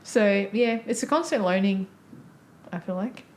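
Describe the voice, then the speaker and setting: A woman's voice: medium pitch, measured pace, a little mellow. A French woman speaking English with a French accent, co-hosting a casual podcast and chatting candidly with laughter. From France. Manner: candid, laughing often while telling stories. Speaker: podcast co-host.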